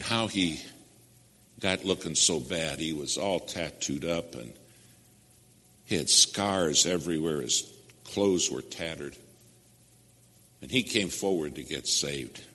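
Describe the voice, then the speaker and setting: An older man preaching in a church, his low voice carrying a bright, forceful edge. He swings from loud emphasis down to hushed, almost whispered lines. The sound rings with a long hall reverb. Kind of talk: sermon with storytelling.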